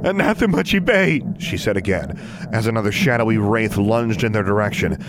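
A man narrating a story in a steady, even reading voice. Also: on the low side, fairly quick, noisy background. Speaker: audiobook narrator. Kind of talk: scripted narration.

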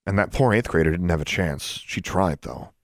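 A man's voice: deep voice, moderate pace, dry recording, clean studio sound. A man voicing a firm, encouraging older teenage witch girl.

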